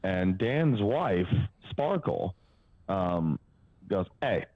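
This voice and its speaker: A man's voice: lowish voice, normal speed, dry recording, dull audio. A man in his twenties, a powerlifting coach guesting on a podcast, telling stories casually in a rambling way with lots of fillers and the odd swear. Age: 20s. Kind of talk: casual storytelling.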